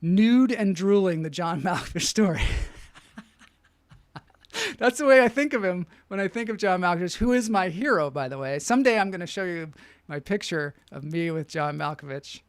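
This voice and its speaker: A man's voice: high voice, expressive, moderate pace, dry recording. A man hosting a live online show, telling rambling comic stories and reading out the chat, often laughing at his own jokes.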